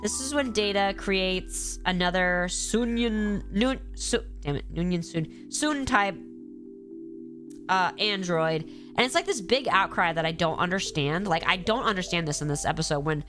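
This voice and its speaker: A congested woman chatting casually on a live stream, animated and gushing as she ranks episodes and acts out quoted lines. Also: fairly low pitch, measured pace, faint music behind.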